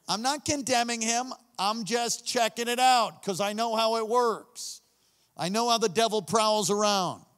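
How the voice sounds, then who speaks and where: A high-pitched male pastor preaches to his congregation with animated swings from hushed asides to shouts. His voice rings with a long reverb from the church hall. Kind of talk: sermon.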